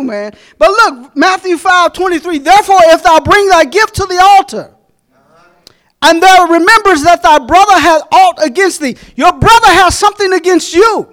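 A middle-aged man preaching a sermon as pastor, folksy and joking with the congregation, fervent and at times shouting. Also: very high-pitched, lively intonation, measured pace.

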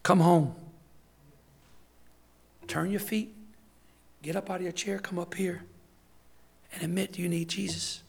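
A man's voice: high-pitched, level tone, unhurried, gravelly, long pauses, husky. A man serving as deacon, preaching a sermon in an emphatic, conversational way, with lots of repetition.

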